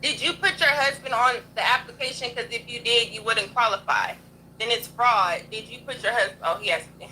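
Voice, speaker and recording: A woman's voice: a little high, moderate pace, sharp tone, slight background noise, rough recording. A young adult woman hosting a livestream, ranting in a blunt, profane, combative way. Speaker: livestream host. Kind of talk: heated livestream rant.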